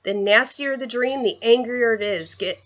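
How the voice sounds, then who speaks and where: Brief: woman reading as a big excitable giant, rustic mangled grammar, raised voice, dull lo-fi sound. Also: fairly high pitch, normal speed, natural voice. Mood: earnest. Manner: rustic, muddled grammar and invented words. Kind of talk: storybook read-aloud.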